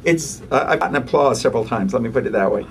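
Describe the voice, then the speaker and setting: A man, a pediatrician, giving an interview and explaining parenting techniques in an animated way, acting out parents and kids. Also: mid-range voice, fast talker, far from the mic, slight background noise. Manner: animated, acts out parents and children.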